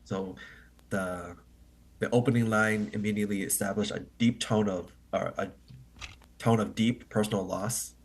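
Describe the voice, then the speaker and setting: A man hosting an online English meeting, explaining poetry to learners in a halting, think-aloud way and often checking with "right?". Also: lowish voice, steady tone, slight background noise.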